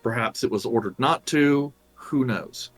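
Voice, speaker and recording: A man narrating as game master in a tabletop role-playing game, unhurried and filling pauses with ums and uhs. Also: medium pitch, faint music behind.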